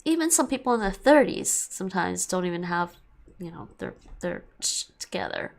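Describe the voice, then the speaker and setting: A woman's voice: fairly low pitch, big pitch swings, moderate pace, vocal fry. A woman streamer in casual end-of-stream chat, rambling, repeating herself and laughing often.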